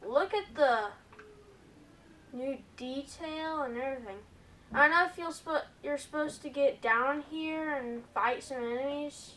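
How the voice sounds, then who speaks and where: A woman hosting a gaming video, giving excitable gameplay commentary and often calling out to her viewers. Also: sits high, measured pace, recorded from a distance. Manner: excitable, keeps addressing viewers as "guys".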